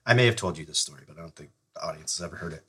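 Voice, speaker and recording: This podcast guest, a middle-aged retired Army Ranger, races through a long story in a low-pitched, slightly rough, somewhat bright voice. His talk is laid-back and profane, and he keeps laughing as he tells it.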